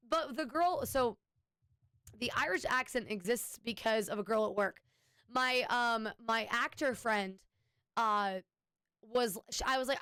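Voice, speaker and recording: A woman's voice: on the high side, measured pace, a bit bright, clean tone, no echo, studio quality. A woman streamer chatting casually with her viewers, rambling and restarting her sentences. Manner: rambling, with frequent restarts and "anyway"; chatty, thanking subscribers.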